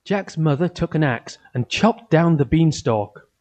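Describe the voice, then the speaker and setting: A man reading a simple fairy tale aloud for children, in an even storytelling way. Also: fairly high pitch. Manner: slow, simple, evenly paced storytelling. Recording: dull lo-fi recording.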